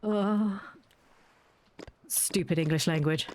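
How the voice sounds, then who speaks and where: A woman's voice: on the low side, takes it slowly, darkish tone, slight background noise. A young woman chatting casually as she plays a game, ranting and laughing often. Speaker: gaming video creator. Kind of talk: casual gameplay commentary.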